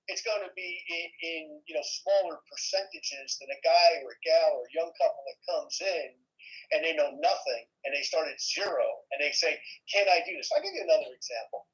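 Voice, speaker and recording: Guy with a faded new york accent rattling off stories fast, muffled lo-fi audio. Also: fairly high pitch, animated. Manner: storytelling, repeats words, asks "okay?". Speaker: guest. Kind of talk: casual chat. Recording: dull lo-fi sound.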